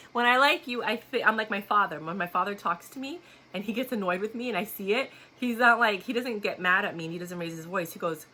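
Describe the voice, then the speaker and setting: A woman's voice: medium pitch, brisk, bright, forceful tone. A woman vlogger telling a personal story in a blunt, outspoken way, laughing often. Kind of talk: casual storytelling to camera.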